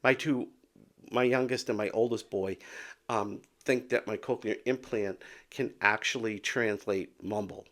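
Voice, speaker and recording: Gravelly man in his fifties vlogging. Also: lowish voice, unhurried, fairly bright tone. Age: 50s. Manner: rambling, repeats words, drops to whispers. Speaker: vlogger with Meniere's disease. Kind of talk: casual talk to camera.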